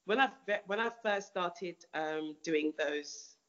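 A woman's voice: lowish voice, slow pace, lo-fi sound. A woman artist answering interview questions thoughtfully, often restarting and repeating words.

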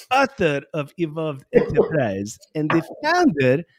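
A man puts on an older father with a thick Persian accent, blunt and fond of swearing. The voice sits higher than usual, drawn out and slow, with wide swoops in pitch. It sounds dry and close, with no room around it. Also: huge pitch swings, no room sound, exaggerated voice. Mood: teasing.

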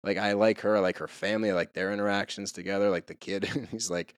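A man's voice: lowish voice, fairly even intonation, fast talker, hardly any pauses, no room sound, clean studio sound. A man co-hosting a podcast, retelling scenes in an easygoing, amused way. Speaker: podcast co-host. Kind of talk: casual chat.

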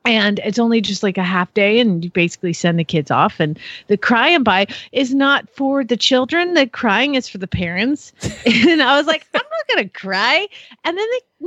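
Woman cohost chatting away, kinda high voice, laughs a lot, dull lo-fi dry sound. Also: no echo. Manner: animated storytelling with quick laughs. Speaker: podcast co-host. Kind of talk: casual chat.

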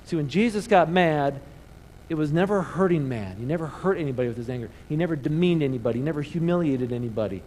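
A man preaching a sermon in church, animated, calling the congregation to answer back. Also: on the high side, quick pace, a little hiss or hum, poor audio. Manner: animated preaching with call-and-response. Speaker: pastor. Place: church sanctuary.

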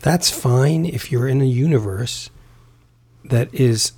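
A man's voice: medium pitch, takes it slowly, a little mellow, husky. A man, a Taoist author, talking as a podcast guest in a rambling way, restarting and repeating words. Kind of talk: casual conversation.

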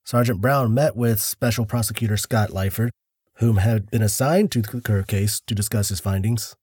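A man's voice: fairly low pitch, moderate pace, a little mellow, breathy edge, no echo, studio quality. A man co-hosting a casual true-crime podcast, telling the case steadily with wry remarks. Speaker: podcast co-host.

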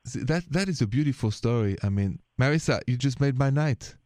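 A man's voice: mid-range voice, animated, fairly quick, no room sound. Middle-aged French-accented man, radio host, dry studio voice. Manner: warm, sprinkles French greetings, emphatic. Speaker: radio talk show host. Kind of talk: late-night radio call-in chat.

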